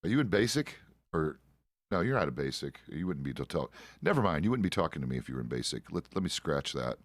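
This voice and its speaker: Deep-voiced, laid-back American man. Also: big pitch swings, fast, no room sound, clean studio sound. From United States. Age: middle-aged. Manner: profane, laid-back, chuckles often. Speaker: roleplay streamer. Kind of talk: casual chat while roleplaying a game.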